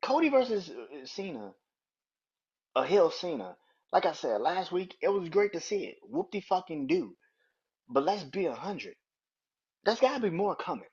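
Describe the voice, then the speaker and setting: A podcast host in his thirties rants heatedly and profanely about wrestling in a casual way. His voice is high-pitched and sing-song, a little mellow and husky, at a moderate pace, with lo-fi sound.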